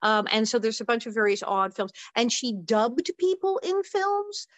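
Older woman guest, lively anecdotal talker with quick asides, dry close sound. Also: a little high, no room sound, highs cut off. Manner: animated, quick asides and acted-out quotes. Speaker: interview guest. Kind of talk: casual storytelling.

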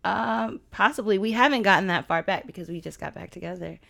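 A woman's voice: mid-range voice, brisk, vocal fry, sharp tone. A woman co-hosting a podcast, talking frankly in casual chat, teasing and often laughing. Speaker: podcast co-host.

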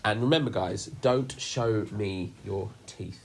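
A man runs a youth group chat over a video call, joking and rambling with plenty of fillers. His voice sits low and is a little husky. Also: a little slow. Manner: jokey, rambling with many fillers.

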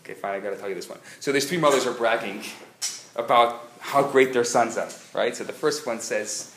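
A man speaking as a rabbi, giving a live lecture and telling jokes with lively storytelling. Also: mid-range voice, brisk. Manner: animated joke-telling storyteller. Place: community center lecture hall. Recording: echoey hall, faint noise.

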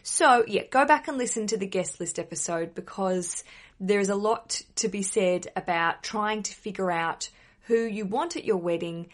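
A woman's voice: mid-range voice, normal speed. Woman hosting a wedding podcast, chatty and blunt, swears a bit, really emphatic. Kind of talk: casual advice podcast.

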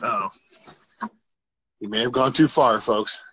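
A man hosting a casual chat, relaxed and amused, using "like" often as he talks. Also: mid-range voice, slow pace, slight background noise. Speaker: host.

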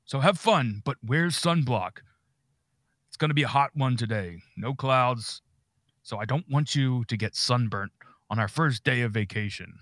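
A man's voice: mid-range voice, expressive, normal speed, a bit bright, no echo. A man playing a harried middle-aged father on a family vacation, chatty and easily exasperated, in a comedic horror audio skit.

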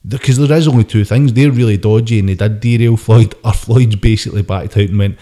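Man, low dark voice, animated casual podcast talk. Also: quick pace, few pauses. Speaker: podcast host. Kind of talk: casual chat.

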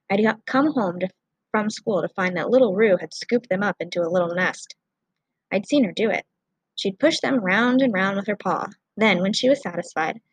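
Female audiobook narrator, husky voice, steady storytelling. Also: medium pitch, no room sound, low-quality recording. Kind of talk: first-person story narration.

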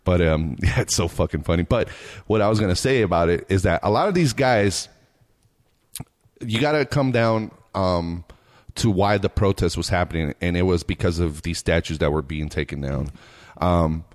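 A man's voice: sits low, normal speed. A man from Reno telling stories in casual chat, swearing freely and laughing often. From Reno, Nevada.

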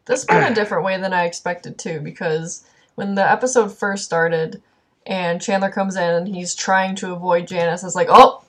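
A woman co-hosting a casual podcast, talking in a lively, self-deprecating way. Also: lowish voice, moderate pace. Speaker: podcast co-host. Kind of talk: casual chat.

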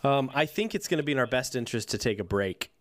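A man's voice: mid-range voice, animated, fast talker, dry recording. A man co-hosting a comedy podcast, telling rambling, easygoing stories between jokes. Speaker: podcast co-host.

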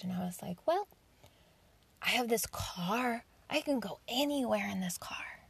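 A woman with a fairly high voice talks straight into the microphone in a dry, close sound. She tells her story candidly and freely, with casual swearing, and voices her own thoughts as she goes. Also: expressive, unhurried, gravelly, husky, no echo. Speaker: podcast host. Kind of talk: personal storytelling monologue.

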